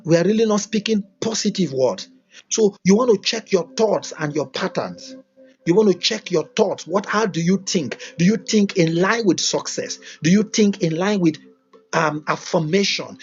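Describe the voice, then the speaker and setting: Over dull lo-fi audio, a man with a high-pitched, husky voice delivers a livestreamed motivational lesson as a teacher, hammering his points repetitively and leaning on rhetorical questions.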